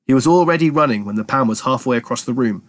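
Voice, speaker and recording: Male storyteller, animated and expressive, reading a chapter book. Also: medium pitch, quick pace, dry recording. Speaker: children's storyteller. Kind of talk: reading an audiobook aloud.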